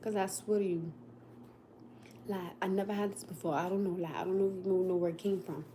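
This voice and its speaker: A woman's voice: mid-range voice, steady tone, fairly quick, dark tone, a little hiss or hum. An American woman hosting a casual livestream from home, chatting and laughing with her viewers. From United States. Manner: chatty, laughs often, talks straight to viewers. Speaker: livestream host. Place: at home, snowed in.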